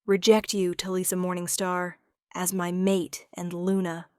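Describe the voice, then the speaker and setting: A man's voice: high voice, monotone, unhurried, smooth, no echo, studio quality. A woman voicing a grieving male wolf alpha who speaks formal ritual words while breaking. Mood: somber.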